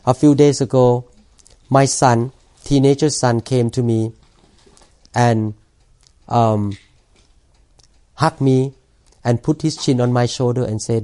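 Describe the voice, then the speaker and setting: A man preaching a sermon in a warm, mellow voice. He is a pastor who speaks earnestly, stopping and restarting as he explains scripture. His delivery is halting and sincere. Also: mid-range voice. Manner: earnest, halting, repeats words.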